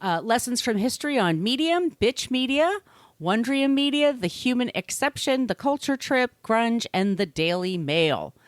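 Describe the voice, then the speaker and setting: A woman's voice: on the high side, sing-song, moderate pace, dry recording. Chatty woman telling a true-crime story. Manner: chatty, swears freely, laughs often. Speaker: podcast host.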